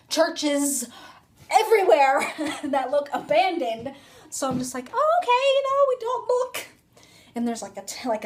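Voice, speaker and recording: Chatty young woman vlogger, high voice, phone-recorded storytime. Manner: chatty, rambling, filler-heavy "like". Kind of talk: casual storytime.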